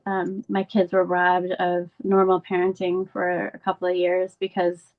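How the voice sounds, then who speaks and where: Through narrow, tinny audio, an unhurried, monotone woman's voice tells a painful family story. The middle-aged interview guest, a bereaved mother and advocate, is earnest and candid, with her pitch rising when she gets emotional.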